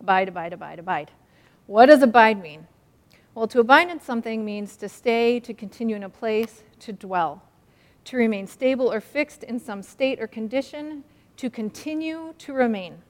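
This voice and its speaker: A woman's voice: a little high, animated, normal speed, in a large hall. A woman preaching a sermon, earnest and emphatic, acting out a story as she teaches. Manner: earnest and emphatic, acts out stories.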